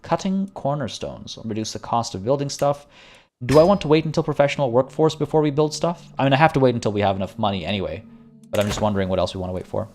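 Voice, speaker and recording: A man's voice: mid-range voice, quick pace, darkish tone, a little hiss or hum. A man casually talking through a strategy game on a live stream, chatty and wry, with mock-villainous asides. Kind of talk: casual live gameplay commentary.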